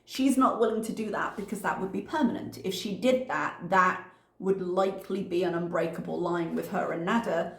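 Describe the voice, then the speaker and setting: A woman's voice: fairly low pitch, moderate pace, reverberant. A woman giving reaction commentary in a blunt, analytical manner.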